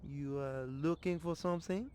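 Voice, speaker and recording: A man's voice: a little high, normal speed, warm tone, a little hiss or hum, close to an everyday voice. An actor playing a smarmy, flirting photographer man. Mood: flirty.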